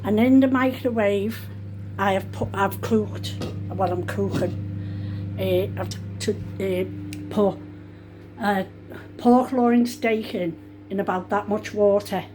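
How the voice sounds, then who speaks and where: A woman's voice: mid-range voice, steady tone, slow, pauses often, background noise. An older woman, a grandmother cooking at home, who talks in a chatty, rambling way and often corrects herself mid-sentence. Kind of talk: casual cooking vlog. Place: home kitchen.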